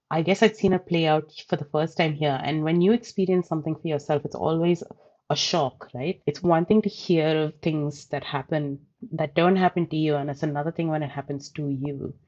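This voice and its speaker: A woman from India telling personal stories in a thoughtful, reflective way, pausing and restarting as she searches for words. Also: deep voice, a little mellow, dull audio. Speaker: interview guest.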